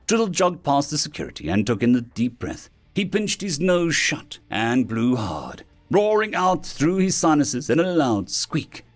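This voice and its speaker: A man narrating a science-fiction story in an expressive storytelling manner. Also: on the high side, a little slow, hardly any pauses. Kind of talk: scripted sci-fi story narration.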